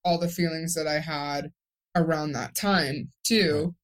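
A woman's voice: low voice, fairly even intonation, unhurried. A young woman speaking candidly and emotionally as a guest on a podcast, rambling with restarts. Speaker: guest, stroke survivor. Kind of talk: podcast interview.

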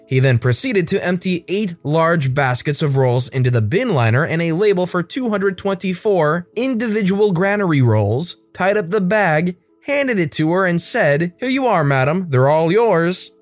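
A man reading online stories aloud, narrating in an expressive, animated storytelling manner. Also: sits high, normal speed, hardly any pauses, dry recording, faint music behind.

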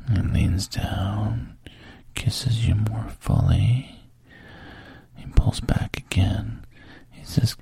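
A man narrating a whispered role-play in the second person, soft and intimate. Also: on the low side, fairly even intonation, drawn-out words, vocal fry, long pauses, breathy edge, dry recording.

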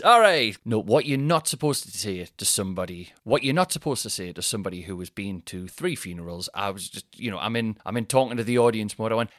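A man hosting a podcast, telling comic stories in a chatty, self-deprecating way with animated asides. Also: medium pitch, no room sound, clean studio sound. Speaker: podcast host. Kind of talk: casual comedic monologue.

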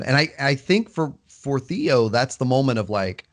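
A man's voice: mid-range voice, animated, normal speed, hardly any pauses, a bit bright. A man co-hosting a casual chat, enthusiastic but hesitant, with many restarts. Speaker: podcast co-host. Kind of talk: casual chat about a book series.

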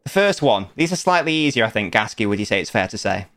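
A man's voice: lowish voice, big pitch swings, quick pace, a bit bright. A young man hosting a podcast quiz segment in a casual, playful, teasing way, often laughing. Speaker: podcast host running a quiz.

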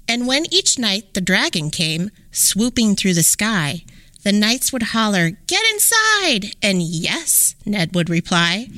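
Slow, expressive storytelling woman. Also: medium pitch, no room sound. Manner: rhyming, expressive, sing-song. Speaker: podcast host. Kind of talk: storybook read-aloud.

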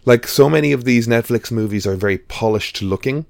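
A man's voice: mid-range voice, a little fast, gravelly, a little mellow, dry recording. Dry-sounding rambling male podcast host. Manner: rambling, hesitant with many fillers. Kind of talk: casual chat.

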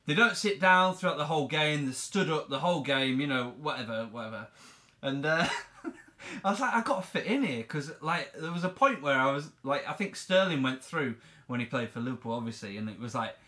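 A man's voice: medium pitch, lively intonation, brisk, bright, forceful tone. A young man co-hosting a casual football podcast, telling a story with swearing and laughter. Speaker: podcast co-host. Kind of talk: casual chat.

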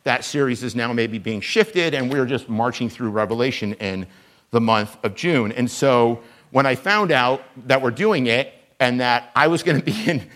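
Animated, chatty male preacher. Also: medium pitch, moderate pace. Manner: conversational, animated, self-deprecating. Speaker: guest preacher. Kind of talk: sermon.

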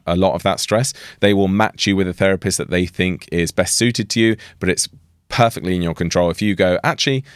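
A man's voice: deep voice, clear, resonant tone, no room sound, studio quality. A young man co-hosting a podcast, chatting casually and laughing often. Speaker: podcast co-host.

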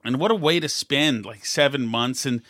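A man's voice: medium pitch, normal speed, fairly bright tone, no room sound, clean studio sound. A middle-aged American man telling stories in a rambling, casual way, full of fillers and restarts. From United States. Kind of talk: casual conversational storytelling.

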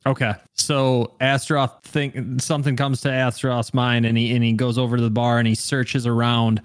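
A man's voice: medium pitch, normal speed, clean tone, no echo, clean studio sound. A man playing a tabletop role-playing game, swearing and laughing as he describes his character's actions. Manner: crude, laughing, animated in character. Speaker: player. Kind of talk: tabletop role-play banter.

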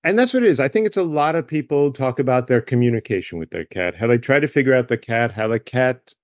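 A man's voice: mid-range voice, darkish tone, dry recording. A middle-aged man with a Long Island accent, a guest author in a casual interview, rambling with wry, self-mocking jokes. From Long Island, New York.

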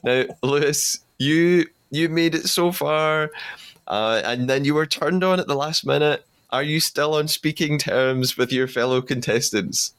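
A man's voice: a little high, measured pace, fairly bright tone, clear, resonant tone. A man hosting a podcast interview in a chatty way, laughing easily between questions. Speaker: podcast host.

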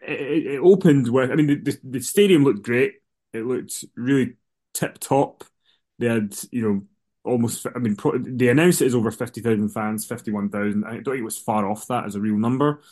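A man's voice: mid-range voice, moderate pace, darkish tone. A man co-hosting a casual podcast in an everyday mid-range voice. He rambles and often restarts his sentences. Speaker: podcast co-host. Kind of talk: casual chat.

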